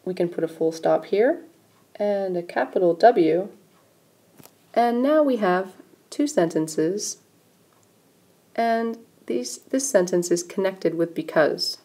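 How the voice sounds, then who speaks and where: A woman's voice: mid-range voice, expressive, takes it slowly, pauses often, mellow. A woman teaching a recorded grammar lesson, patiently explaining step by step while pointing at examples on screen. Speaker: English writing teacher.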